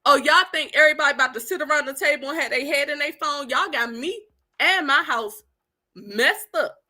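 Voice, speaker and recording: A woman, giving animated, sassy commentary straight to her viewers. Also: high-pitched, brisk. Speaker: online commentator.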